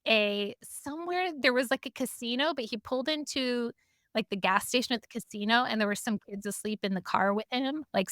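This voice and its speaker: A podcast co-host with a mid-range, sharp-toned voice is recorded dry, with clean studio sound. She's a chatty storyteller in casual conversation who laughs often.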